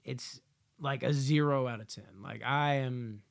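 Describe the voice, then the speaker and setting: A man giving a casual movie review, swearing often and acting out characters in loud, yelling asides. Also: medium pitch, a little slow, creaky.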